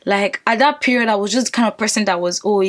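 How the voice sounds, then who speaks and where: A young woman vlogger telling a dramatic storytime to her viewers, emphatic and animated, calling out to them as guys. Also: medium pitch, fast talker. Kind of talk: storytime vlog.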